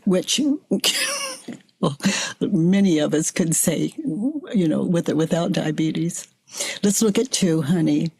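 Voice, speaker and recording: An older woman facilitating a self-inquiry dialogue, gently coaxing her guest and calling her honey. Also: low voice, sing-song, vocal fry, breathy edge. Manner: gentle, slow, coaxing with endearments.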